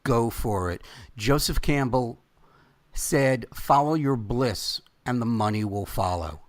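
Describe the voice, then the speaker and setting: Hosting a podcast interview, a man speaks earnestly and emphatically, turning at times to address his listeners directly. His voice is medium in pitch and his delivery slow.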